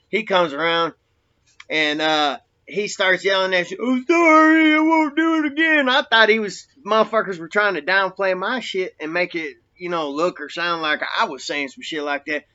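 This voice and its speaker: A man's voice: fairly high pitch, normal speed, sharp tone, dull audio. A man casually telling a rambling, profane story about his time in prison, full of street slang.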